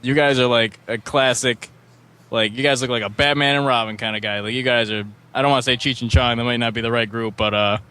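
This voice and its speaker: A man appears as a guest on a gaming podcast, speaking in an ordinary mid-range voice. He tells animated stories with a sarcastic edge. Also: medium pitch, a little fast, clean tone. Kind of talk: casual chat.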